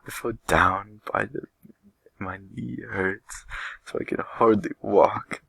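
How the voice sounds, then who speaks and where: A man's voice: low-pitched, big pitch swings, moderate pace, creaky, a bit bright, dry recording, full character voice. A man voicing a whiny eight-year-old girl who sobs and wails her complaints. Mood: wailing. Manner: sobbing, wailing complaints.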